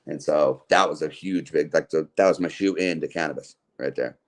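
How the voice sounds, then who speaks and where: A man's voice: rumbling low, moderate pace. A man from Utah, a podcast guest, telling long casual stories in a laid-back, slangy way, full of "like" and swearing. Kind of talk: casual storytelling.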